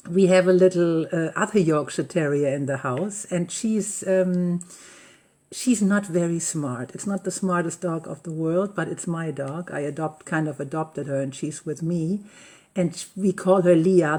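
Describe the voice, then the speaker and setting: The host of a live coffee-and-talk session, who lives on a rural estate in Mallorca, shares everyday personal stories in a rambling, chatty way. The voice is mid-range with a darkish tone, and the host often searches for the right English words.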